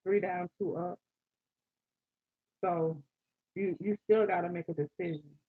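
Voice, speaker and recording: A woman giving a live tarot reading, animated, exclaiming and repeating phrases to her listeners. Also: on the low side, unhurried, breathy edge. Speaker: tarot reader. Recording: dull lo-fi sound.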